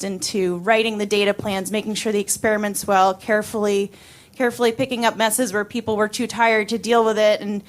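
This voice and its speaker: A woman in her twenties telling a personal story on stage, chatty and wry, laughing often and using many fillers. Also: mid-range voice. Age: 20s.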